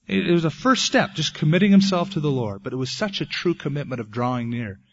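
A man preaching a sermon as pastor, earnest, ending in a quiet prayer. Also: medium pitch, breathy edge. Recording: dull lo-fi 1980s tape.

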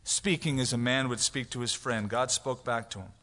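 A pastor gives a conversational expository sermon, animated and casual, sometimes acting out prayers aloud for effect. His mid-range voice moves at a moderate pace, with a long reverb tail.

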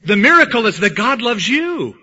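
A man preaching a sermon as pastor, swinging from loud emphatic lines to hushed ones. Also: extremely high pitch, big pitch swings, moderate pace, husky. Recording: dull lo-fi sound.

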